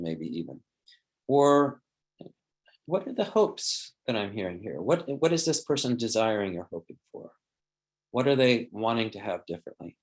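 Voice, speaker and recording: A man leading a training lecture, explaining in a thoughtful way and acting out example phrases, often restarting his sentences. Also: on the low side.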